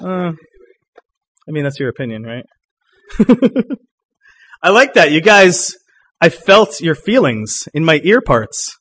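A young man with a high-pitched voice performs spoken word poetry in a live room. He moves between loud, punchy declamation and hushed lines. Between poems he chats loosely with the crowd. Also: big pitch swings, takes it slowly, pauses often, slight background noise. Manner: loose rambling banter with the audience between poems.

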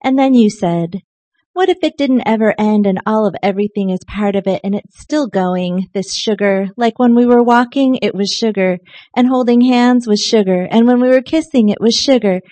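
A woman poet giving a live poetry reading, expressive in her poems and soft and chatty in the asides between them. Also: on the high side, no room sound. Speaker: featured poet. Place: poetry night venue.

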